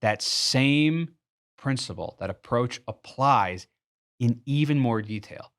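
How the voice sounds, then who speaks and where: A man's voice: medium pitch, lively intonation, takes it slowly, fairly bright tone. A man giving a sales training talk, earnest and explanatory, walking the listener through an everyday store example. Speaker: sales coach.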